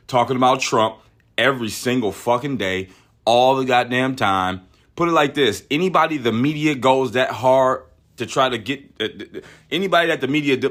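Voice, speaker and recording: Male podcast host, mid pitch, ranting and profane, trips over his words. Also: a bit bright. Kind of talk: opinionated political commentary.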